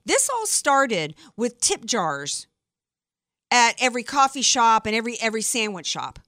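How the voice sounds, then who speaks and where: A woman from the American Deep South, hosting a talk radio show with emphatic, opinionated chatter. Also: very animated, bright, forceful tone, no echo, studio quality. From Deep South of the United States. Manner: emphatic, opinionated, quick asides.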